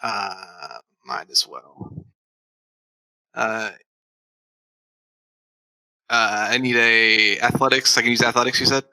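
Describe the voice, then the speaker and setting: Sharp-voiced eager male player. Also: medium pitch, steady tone, slow, long pauses, rough recording. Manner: eager, trips over his words. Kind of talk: tabletop game play.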